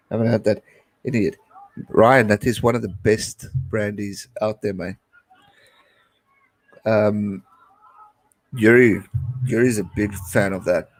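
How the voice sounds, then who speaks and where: A South African man in his late twenties hosting a casual live watch-along, chatting and cheering excitedly at the game. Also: on the low side, measured pace, long pauses, poor audio. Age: late 20s. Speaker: live-stream host.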